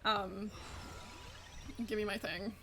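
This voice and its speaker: A young adult woman streams as a VTuber, keeping up casual, animated talk during gameplay, full of swearing and "like". She speaks slowly in a medium-pitched, level voice.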